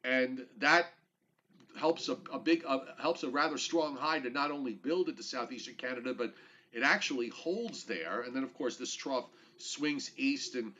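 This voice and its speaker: A man's voice: medium pitch, normal speed, bright, forceful tone. A man hosts a casual weather talk show, wandering through his points with plenty of "uh"s and a dry joking streak. His voice sits in an ordinary middle range, heard through slightly muffled, lo-fi audio. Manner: joking, rambling with many fillers.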